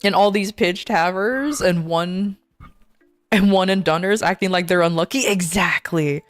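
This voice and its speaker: A woman's voice: fairly low pitch, measured pace, faint music behind. A woman VTuber streamer chatting casually while gaming, rambling and ranting in an exasperated way.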